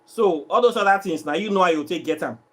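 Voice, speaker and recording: A man's voice: high voice, animated, fast, a bit bright. A Nigerian man with a Nigerian accent that slips into Pidgin, ranting casually to his viewers as a vlogger who sells herbs, complaining in an exasperated, repetitive way. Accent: Nigerian, mixing in Pidgin. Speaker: vlogger selling herbs and spiritual products. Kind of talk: casual vlog rant to viewers.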